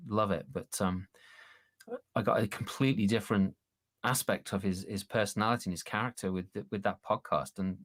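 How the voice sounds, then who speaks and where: A man hosting a casual interview, talking in a halting way with many fillers and frequent laughter. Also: on the low side, fairly even intonation, no room sound. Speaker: interview host.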